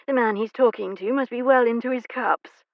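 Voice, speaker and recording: A woman voicing a spirited young Regency-era woman who speaks crisply and defiantly. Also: fairly high pitch, normal speed, dry recording, dull audio, pitched above the performer's own voice. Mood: composed.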